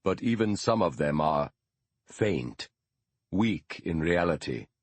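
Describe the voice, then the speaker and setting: A man reading the part of a calm, wise Lakota man who speaks slowly and gravely. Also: low-pitched, dry recording, heavily acted.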